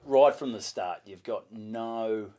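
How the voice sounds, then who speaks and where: A man's voice: on the low side, slow, warm tone. A man with an Australian accent, a stand-up comedian, telling a story in casual chat, swearing freely and acting out both sides of each exchange.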